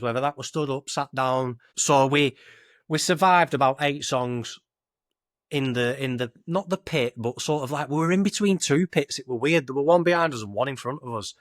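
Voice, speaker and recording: A man's voice: mid-range voice, dry recording, clean studio sound. A young man with a Lancashire accent, co-hosting a podcast and telling a long, rambling story in casual northern dialect. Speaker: podcast co-host.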